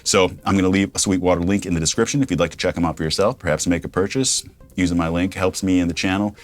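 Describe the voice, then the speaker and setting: Speaking quickly in a low, steady tone, a YouTube microphone reviewer repeats test phrases on a studio condenser mic, checking levels during a casual review in his home studio, with faint music playing behind.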